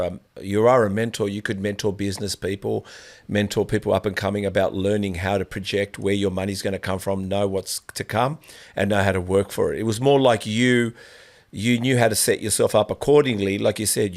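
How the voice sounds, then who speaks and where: A man hosting an interview podcast, talking in a rambling, opinionated way with many restarts. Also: on the low side. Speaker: podcast host. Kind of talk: casual conversational interview.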